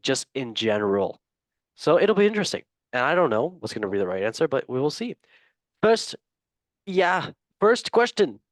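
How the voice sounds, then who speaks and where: A man's voice: medium pitch, no room sound. A man hosts a football quiz with a loose, jokey energy, laughing and cursing as he reads out the questions. His voice sits in a middle register and sounds dry and close. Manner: playful, jokey, swears and laughs often. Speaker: quiz host. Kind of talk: casual podcast chat.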